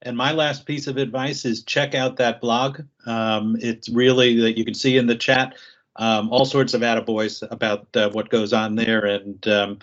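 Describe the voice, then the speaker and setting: A man's voice: medium pitch, flat delivery, normal speed, fairly bright tone. A man moderating an online panel discussion, thanking his guests and passing the floor to each speaker. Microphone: video call. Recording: muffled video call audio.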